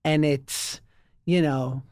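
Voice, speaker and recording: A man co-hosting a podcast in casual chat, playfully spinning comic what-if scenarios and slipping into quick voices. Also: a little high, steady tone, darkish tone, clean tone, dry recording, clean studio sound. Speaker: podcast co-host.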